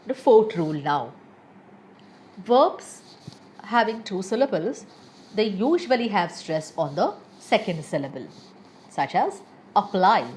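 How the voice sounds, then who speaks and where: A woman's voice: medium pitch, big pitch swings, a little slow, slight background noise. A woman teaching English pronunciation, reading word lists one by one with careful stress. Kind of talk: scripted pronunciation lesson.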